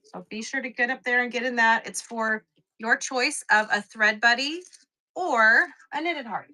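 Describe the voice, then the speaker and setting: On a live stream selling quilting supplies, a young woman chats casually and laughs at herself a lot. Her slightly high voice is pushed and bright, at a moderate pace.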